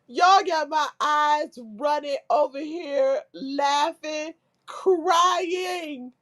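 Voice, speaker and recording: A woman's voice: high-pitched, fairly even intonation, extremely slow, a bit bright. A woman hosting a casual livestream, reading viewers' comments aloud while laughing helplessly through nearly every line. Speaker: livestream host reading chat.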